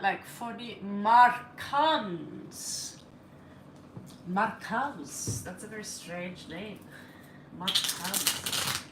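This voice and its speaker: A woman who does not speak English as her first language, chatting and laughing as she reads tarot cards aloud on a live stream, in slightly broken English. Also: fairly high pitch. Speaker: tarot reader. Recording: echoey room with faint ambient noise.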